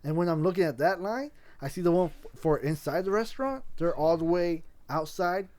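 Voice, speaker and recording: Rambling, cursing young podcast host. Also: male voice, on the high side, expressive, brisk, darkish tone. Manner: rambling, swears a lot, restarts often. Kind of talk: casual storytelling chat.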